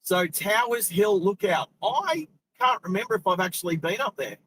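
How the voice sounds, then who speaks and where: A man's voice: sits high, lively intonation, moderate pace, a bit bright, slightly rough, rough recording. A middle-aged Australian man hosting a live driving stream, chatting casually and rambling, laughing often. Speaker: host. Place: inside a car.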